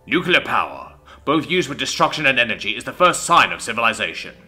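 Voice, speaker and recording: A man voicing a heavily muscled male alien commander who speaks in a booming, forceful, blunt way. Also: huge pitch swings, moderate pace, faint music behind, full character voice.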